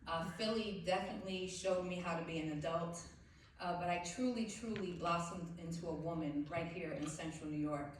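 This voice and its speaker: A woman gives a heartfelt, grateful award acceptance speech from a stage. Her voice sits on the low side. She is heard from some distance, in a very echoey hall with faint background noise. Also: a little fast. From South Jersey. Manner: heartfelt, grateful, faith-filled. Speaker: award recipient. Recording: very echoey hall, far from the mic.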